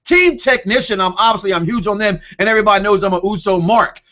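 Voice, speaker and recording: A man co-hosting a wrestling podcast, talking in an excited, animated way and often repeating himself. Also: high voice, fast. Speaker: podcast co-host. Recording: dull lo-fi call audio.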